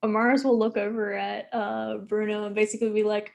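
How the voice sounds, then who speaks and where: A woman's voice: medium pitch, flat delivery, a little fast, creaky. A woman playing a tabletop game, talking casually and amused. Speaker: player. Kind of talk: tabletop role-play chat.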